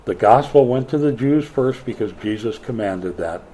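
A man's voice: medium pitch, normal speed, a little hiss or hum. A middle-aged man preaching a sermon, telling stories and acting out the voices of other people. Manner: animated storyteller who acts out other voices. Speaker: pastor.

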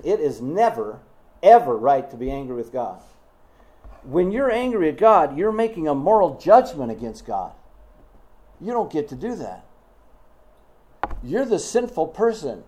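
Male preacher, sermon, emphatic, rhetorical questions, mellow voice, slightly high pitch.

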